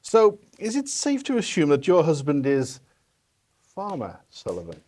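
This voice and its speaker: A man's voice: on the high side, wildly swooping pitch, unhurried, darkish tone, exaggerated voice. A man voicing a talking male viper with a British accent in a radio play, wry and teasing.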